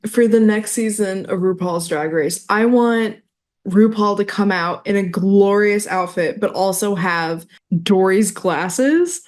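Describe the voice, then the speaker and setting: A woman's voice: medium pitch, takes it slowly, a little mellow. A woman co-hosting a fan podcast in playful casual banter. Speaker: podcast co-host. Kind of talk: casual chat.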